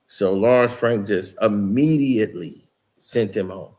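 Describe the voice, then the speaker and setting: A man's voice: on the low side, measured pace, a little mellow. A man hosting a basketball channel, telling a locker-room story in a slangy, emphatic way and acting out what people said. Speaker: basketball commentator channel host. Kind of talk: casual storytelling monologue.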